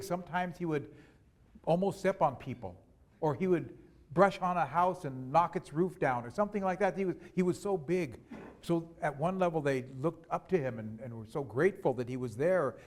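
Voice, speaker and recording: A man telling a traditional story aloud to an audience, unhurried and repeating words for emphasis. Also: a little high, a little mellow. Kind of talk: oral storytelling to a live audience.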